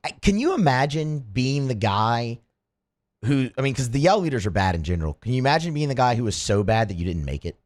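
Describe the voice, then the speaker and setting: Animated joking male radio host. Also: fairly quick. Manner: animated, joking, swoops up in pitch. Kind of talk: casual sports radio banter.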